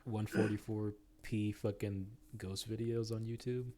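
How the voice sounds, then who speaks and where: A man with a somewhat low voice trades rambling, profane stories on a casual podcast. He breaks into laughter between phrases. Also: level tone, a little slow, crowd noise. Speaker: podcast co-host.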